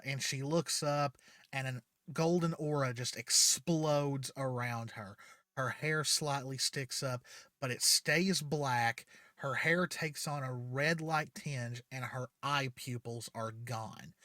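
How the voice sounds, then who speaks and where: A man's voice: medium pitch, bright, forceful tone, no room sound, studio quality. A man hosting his channel, casually retelling a fan story with many fillers.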